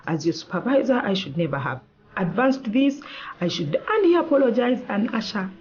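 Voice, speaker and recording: A woman lawyer, a guest in an interview, telling a personal story in an animated way and acting out the lines of the people in it. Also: medium pitch, normal speed, dull audio. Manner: animated, acts out quoted dialogue.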